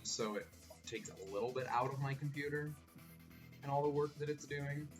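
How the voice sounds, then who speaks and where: A man's voice: medium pitch, normal speed. A young man chatting and joking casually as he streams a video game. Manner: chatty and joking, talks to his game and computer. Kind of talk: casual gameplay commentary. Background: game music.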